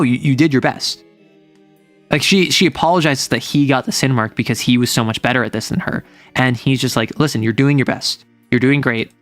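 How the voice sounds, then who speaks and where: A man's voice: mid-range voice, a bit bright, dry recording. Man, game master retelling a session, rambling, lots of fillers, dry close sound, faint music behind. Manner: rambling, filler-heavy retelling with many self-corrections. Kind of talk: casual livestream chat retelling a tabletop game session.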